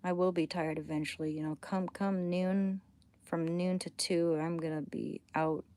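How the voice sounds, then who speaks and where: A woman chatting casually on a late-night livestream at home, rambling between thoughts and often dropping to a hushed near-whisper. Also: lowish voice, flat delivery, moderate pace. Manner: rambling, drifting between thoughts while reading chat.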